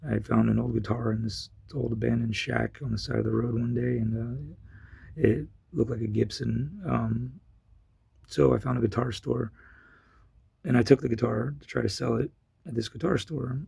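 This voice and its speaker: A man with a gravelly, husky voice casually telling a long personal story, rambling with many restarts and getting loud when he retells his own yelling. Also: mid-range voice, fairly even intonation, moderate pace, no room sound.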